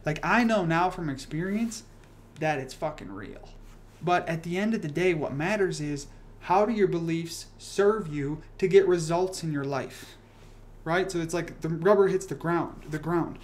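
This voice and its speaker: A man's voice: fairly high pitch, normal speed. Rambling, swearing man on a livestream. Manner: rambling, profane, animated ranting. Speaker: livestream host. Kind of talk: casual livestream chat.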